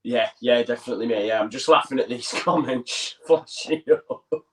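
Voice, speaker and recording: A man's voice: medium pitch, normal speed, far from the mic. A man co-hosting a football fan livestream, reading out viewer messages and chatting in a matey, laughing way. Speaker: co-host reading viewer comments. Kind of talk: casual live match chat. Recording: voice heard from off the mic.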